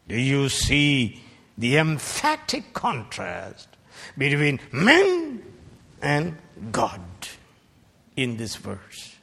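Man preacher, fiery sermon, very slow and emphatic, lively pitch swings, long hall reverb. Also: gravelly, breathy edge. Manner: slow, emphatic, rises to shouted peaks.

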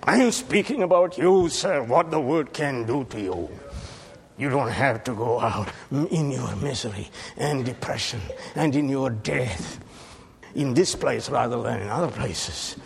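A man preaching a sermon as pastor, swinging between hushed lines and shouted climaxes. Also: medium pitch, a little slow, creaky.

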